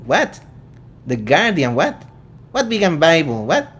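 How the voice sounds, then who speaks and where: A man's voice: a little high, wildly swooping pitch, a bit bright, breathy edge. A man from Venezuela with a Venezuelan accent, hosting a casual vegan commentary show in a joking, incredulous way. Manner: incredulous, joking, quick asides. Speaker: vegan channel host.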